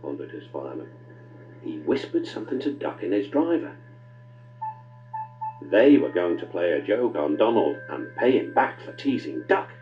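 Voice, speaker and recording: A man narrating a children's story with expressive, swooping delivery. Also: normal speed, long pauses, lo-fi sound, faint music behind. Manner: warm, expressive storytelling with big pitch swings.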